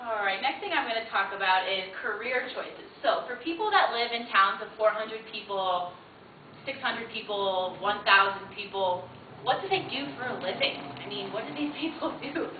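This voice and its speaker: A young woman from the rural United States giving an informal guest talk, telling stories in a chatty, animated way. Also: medium pitch, moderate pace. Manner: chatty, animated storytelling with laughs. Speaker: guest speaker. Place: lecture room. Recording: tinny distant recording with echo and noise.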